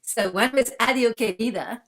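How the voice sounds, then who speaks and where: A woman from Canada, a guest musician and researcher, telling anecdotes in a lively conversational way over a video call. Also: a little high, normal speed. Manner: lively, acts out dialogue in anecdotes. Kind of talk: conversational storytelling.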